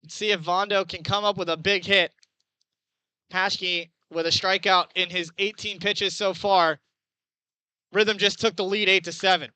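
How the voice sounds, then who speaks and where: A young man doing chatty baseball play-by-play commentary, getting excited on big plays. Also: high-pitched, measured pace, clean tone, no room sound, low-quality recording. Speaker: play-by-play announcer.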